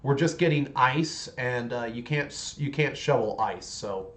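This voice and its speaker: A man's voice: mid-range voice, a little slow, a bit bright. A man in his forties chatting casually on a livestream while painting miniatures, rambling along with many restarts.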